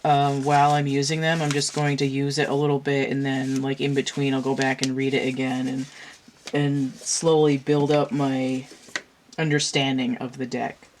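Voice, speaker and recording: Brief: woman card reader, unusually low voice, chatty and rambling, stuffed-up from a cold. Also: little pitch movement, moderate pace, a little mellow, a little hiss or hum. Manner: rambling, chatty, with many fillers and restarts. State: congested from a cold. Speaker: tarot and oracle card reader. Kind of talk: casual chat while doing a card reading.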